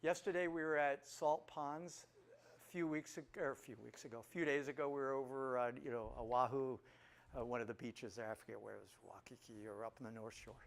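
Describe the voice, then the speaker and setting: A man preaching a lively sermon, animated and emphatic, repeating his key phrases for effect. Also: mid-range voice, a little fast. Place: church service on Kauai.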